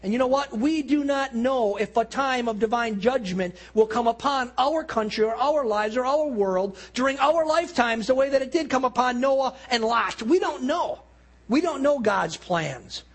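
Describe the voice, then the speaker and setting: A man preaching earnestly, slowing down and dropping low and quiet at solemn points. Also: expressive, breathy edge. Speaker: pastor. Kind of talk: sermon.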